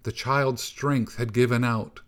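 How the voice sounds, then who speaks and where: A man reading a folk tale aloud in a measured storybook narration. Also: mid-range voice, steady tone. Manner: slow, measured, hushed at times.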